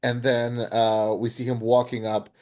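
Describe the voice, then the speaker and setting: A man co-hosting a podcast, chatting casually about a film, animated and rambling with lots of restarts and fillers. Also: medium pitch, measured pace. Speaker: podcast co-host. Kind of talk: casual film review chat.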